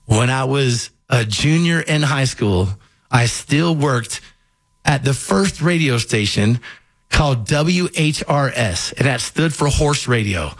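Animated Southern radio storyteller, man. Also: medium pitch, slow pace, no echo. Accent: faint Southern. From Kentucky. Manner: animated storyteller, acts out voices. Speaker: radio host. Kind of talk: casual radio chat, storytelling.

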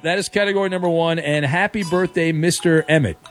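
A man hosts a sports radio show and runs a quiz with callers, joking as he goes. His voice sits fairly high. A faint music bed plays beneath him. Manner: jokey, upbeat, quick asides. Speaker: radio sports talk host. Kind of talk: radio show with call-in game segment.

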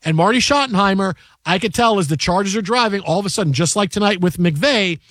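A man hosting a sports radio show, telling a story with lively, animated energy and acting out the people in it. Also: high voice, fast talker, no room sound, clean studio sound. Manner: animated storyteller, acts out shouting fans. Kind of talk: casual sports radio chat. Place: radio studio. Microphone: studio microphone.

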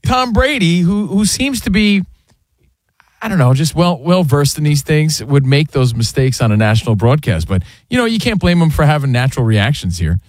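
A man's voice: fairly high pitch, very animated, normal speed, darkish tone, no echo, clean studio sound. A man hosting a sports radio show, talking casually and rambling with fillers. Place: radio studio.

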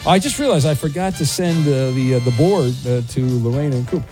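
A man's voice: mid-range voice, expressive, fairly quick, dark tone, soft background music. A man hosting a morning radio game show, joking and self-mocking, with lots of filler words.

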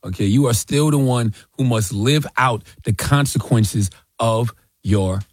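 A man's voice: medium pitch, unhurried, slightly rough, no echo. A man co-hosting a radio show, supportive and affirming toward his guest. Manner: affirming, backchannels a lot. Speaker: radio co-host. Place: radio studio. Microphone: studio mic.

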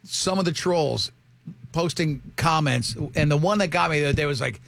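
Gravelly guy hosting radio, cracking jokes about himself, dry studio sound. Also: fairly high pitch, moderate pace, fairly bright tone, dry recording. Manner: joking, self-deprecating. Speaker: radio show host. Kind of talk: casual radio banter.

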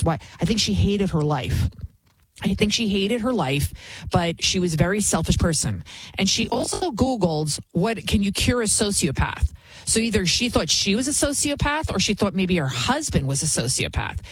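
A woman's voice: medium pitch, very animated, moderate pace, slightly rough, low-quality recording. A middle-aged woman hosting her own show, giving emphatic, indignant commentary and repeating points for stress. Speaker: show host. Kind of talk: opinionated commentary.

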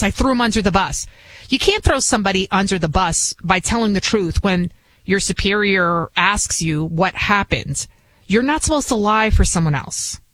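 A woman with a thick Bronx accent hosts a radio talk show. She talks in a chatty, emphatic rush that circles back on itself with restarts and asides. Her voice sits at an ordinary middle pitch. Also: rough recording. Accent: New York (Bronx). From Bronx, New York. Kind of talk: casual talk radio monologue.

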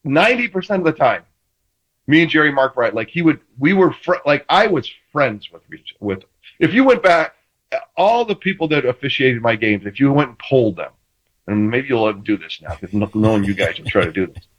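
A man and former quarterback telling stories in casual sports talk, animated, acting out the banter he quotes, with many restarts. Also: medium pitch, normal speed, highs cut off.

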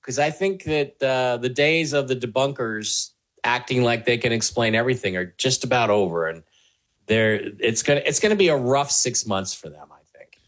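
Responding to interview questions as a talk show guest, a man speaks earnestly yet loosely, stumbling through fillers and restarts. His voice is mid-range, a bit bright, at normal speed.

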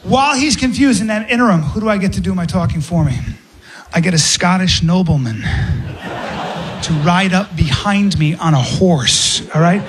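A man performing a stand-up comedy set, telling an animated story with acted-out asides. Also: sits high, moderate pace, noisy background.

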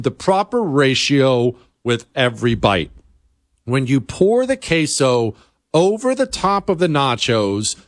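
Guy doing a funny exasperated rant on his talk show, voice all over the place, dead dry sound. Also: dry recording. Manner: animated, exasperated, jumps high then drops low.

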